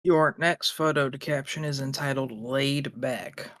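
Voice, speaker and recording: A young man hosting a casual podcast, leading the segments in a relaxed way and swearing now and then. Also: mid-range voice, measured pace. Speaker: podcast host.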